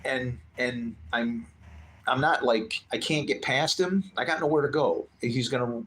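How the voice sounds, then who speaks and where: A middle-aged man telling a personal story casually on a livestream, animated, acting out the other people's voices. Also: medium pitch, normal speed. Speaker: livestream host.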